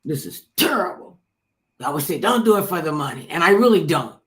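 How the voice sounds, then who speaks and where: A woman's voice: sits low, lively intonation, quick pace, a bit bright. Blunt, joking older woman host. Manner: emphatic, blunt, jokey storyteller. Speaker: talk show host. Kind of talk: casual storytelling chat.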